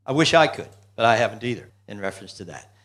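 A man's voice: fairly low pitch, expressive, fast, a bit bright. A man giving a motivational business seminar talk, telling jokes and asking the audience questions. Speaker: business speaker.

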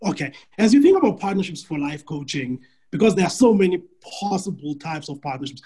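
A man working as a business coach, answering a client's question in an animated, storytelling way with frequent restarts. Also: on the high side, fairly quick, breathy edge, rough recording.

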